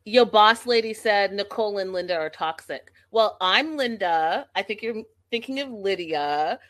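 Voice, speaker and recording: A woman's voice: medium pitch, normal speed. Sassy woman recapping reality TV. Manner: sassy, animated, talks straight to viewers. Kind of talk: casual recap commentary.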